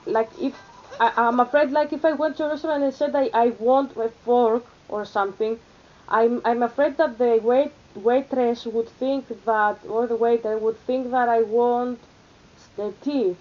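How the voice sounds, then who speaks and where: A woman's voice: a little high, fairly even intonation, normal speed, muffled recording. A young woman with an Athenian Greek accent, chatting casually in a vlog with many fillers and restarts. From Greece. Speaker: vlogger. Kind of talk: rambling casual vlog chat.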